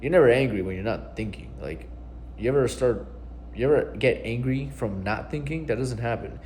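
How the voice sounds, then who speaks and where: A man's voice: medium pitch, normal speed, a little mellow, slight background noise. A young adult man coaching viewers in a casual vlog, earnest and blunt, swearing casually and repeating himself for emphasis. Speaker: self-help coach.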